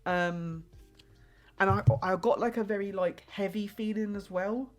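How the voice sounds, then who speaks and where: A woman's voice: medium pitch, fairly even intonation, measured pace, soft background music. A young woman live-streaming a tarot reading in casual chat, rambling and hesitant with many filler words.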